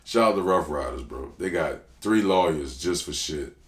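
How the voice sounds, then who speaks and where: A man tells stories as a rapper guest in a relaxed interview. He talks in a slangy, animated way that jumps up in quick bursts of excitement. The room gives his voice a noticeable echo. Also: a bass voice. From New Orleans. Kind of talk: casual interview storytelling. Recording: roomy echo.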